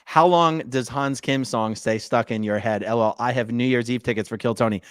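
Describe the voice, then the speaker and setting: A man's voice: medium pitch, brisk, hardly any pauses, smooth, no echo, studio quality. A man co-hosting a casual podcast, playfully teasing and reading out viewer comments in bursts. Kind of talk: casual chat.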